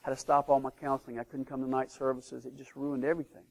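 A man preaching a sermon as pastor of his church, emphatic, swinging between loud declarations and hushed asides. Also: medium pitch, flat delivery, quick pace, gravelly.

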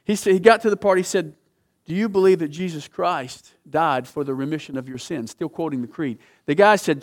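A man preaches and tells a story, his voice sitting a little high for a man. He swings between loud, emphatic peaks and hushed, low-spoken passages. His delivery is dramatic and full of emphasis. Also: fairly quick. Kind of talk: sermon storytelling.

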